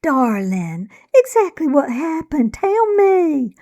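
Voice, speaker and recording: A gentle mother coos and coaxes her child in a storybook reading, her words slow and patient. A woman narrator voices her with a soft, slightly raised pitch. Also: very animated, exaggerated voice. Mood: soothing. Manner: soft, coaxing, cooing. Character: gentle, worried Southern mother.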